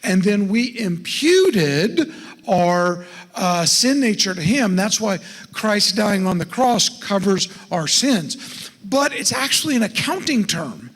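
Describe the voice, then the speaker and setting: A middle-aged man with a high voice gives a folksy seminar talk to a church congregation. He keeps putting questions to his listeners as he goes. His voice rings out with a long reverb off the sanctuary walls. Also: sing-song, slow pace, a bit bright. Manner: folksy, asks the audience questions. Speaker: estate planning speaker at a church.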